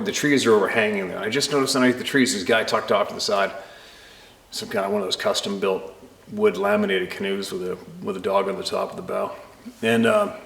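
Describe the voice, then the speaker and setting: A man tells a personal story in a loose, casual way, laughing often and jumping up in pitch when he acts out a heated exchange. His voice sits at an ordinary middle pitch, and the room adds a noticeable echo around it. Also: fairly bright tone. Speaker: storyteller recounting a personal encounter. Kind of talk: casual spoken anecdote.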